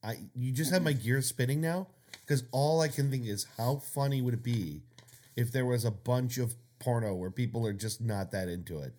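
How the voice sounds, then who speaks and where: A woman's voice: extremely low pitch, normal speed, mellow. A woman co-hosting a podcast, reacting with dry amusement in casual chat. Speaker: podcast co-host.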